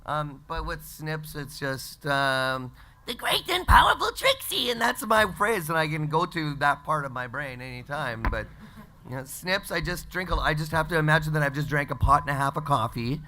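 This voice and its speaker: A man voice actor on a convention panel, answering in a jokey, animated way. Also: fairly high pitch, normal speed, slight background noise.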